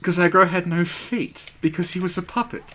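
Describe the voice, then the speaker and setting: A man's voice: sits high, a little fast, a bit bright. A man hosting a game stream who chats casually and tells rambling, wry stories.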